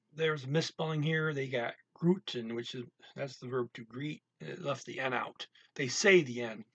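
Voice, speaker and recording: Male tutor, husky and unhurried, breaking phrases down word by word; dry, close sound. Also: no room sound, highs cut off. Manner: reads target-language lines louder and higher. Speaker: language tutor. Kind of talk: casual spoken language lesson.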